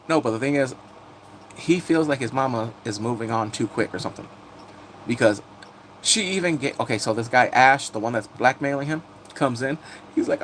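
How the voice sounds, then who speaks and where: A man chatting casually on a live stream, recapping TV episodes and greeting viewers, laughing and animated. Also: mid-range voice, brisk, slight background noise.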